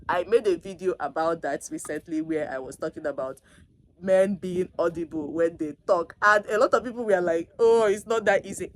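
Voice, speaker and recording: A woman vlogger giving casual dating advice straight to camera, emphatic and teasing, swinging between loud bursts and soft asides. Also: mid-range voice, slight background noise.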